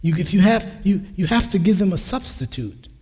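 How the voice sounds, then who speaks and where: A man's voice: high voice, lively intonation, moderate pace, a little mellow, slightly rough. A man in his sixties giving a church talk on parenting, telling family stories and acting out their lines. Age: 60s. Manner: anecdotal, quotes family in his own voice. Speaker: speaker at a church. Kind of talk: sermon on parenting. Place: church sanctuary. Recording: reverberant church hall.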